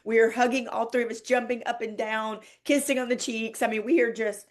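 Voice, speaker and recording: A podcast host tells a personal story in an emotional monologue, her slightly high voice moving fairly quickly. Heartfelt throughout, she laughs and tears up as she speaks.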